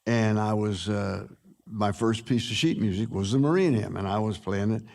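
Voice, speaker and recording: A man in his eighties, a musician guest, telling stories in a relaxed interview with frequent pauses. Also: on the low side, gravelly. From United States. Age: 80s. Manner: unhurried, with frequent "uh" pauses and easy laughs.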